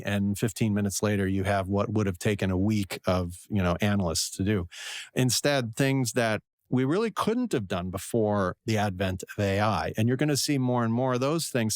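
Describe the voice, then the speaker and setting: A man's voice: on the low side, no room sound, studio quality. A man, a venture investor and professor, answering interview questions in a digressive, self-deprecating way.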